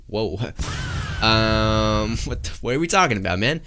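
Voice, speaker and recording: A man's voice: lowish voice, a little slow, pushed and bright, slight background noise. A young man streaming live, chatting casually and reading out viewer messages, rambling with lots of fillers and calling everyone "guys" and "bro".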